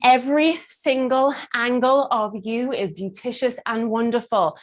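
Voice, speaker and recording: A woman's voice: on the high side, a little slow. Playful, theatrical woman coach. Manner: playful, theatrical, acts out little voices and laughs often. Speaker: burlesque performer and confidence coach. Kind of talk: lively workshop teaching.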